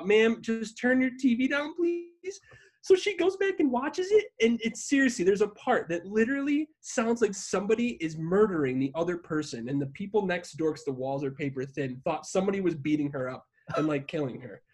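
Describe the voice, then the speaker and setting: A man hosting a podcast, telling a story in casual chat. He is animated and profane, and he acts out the voices he quotes. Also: sits high, brisk, hardly any pauses. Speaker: podcast host.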